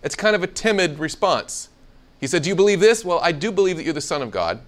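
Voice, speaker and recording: A man's voice: fairly high pitch, fairly quick. A man teaching a Bible seminar to a live audience, asking questions and acting out the quoted lines. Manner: animated, asks the room questions, acts out quoted lines.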